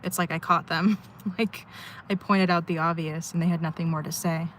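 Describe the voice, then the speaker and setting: Woman, slightly low voice, candid rambling livestream talk, sighing, in her car, faint hiss. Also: steady tone, normal speed, fairly bright tone. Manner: rambling, sighing, heartfelt venting. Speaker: live streamer. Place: inside her car at a rest stop.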